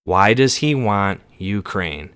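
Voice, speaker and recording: A man's voice: lowish voice, animated, slow, a bit bright, smooth, no room sound, clean studio sound. A man in a heated casual political argument with a friend, stammering and restarting, exasperated and insistent, swearing freely. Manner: swears freely, calls the other "bro" and "dude".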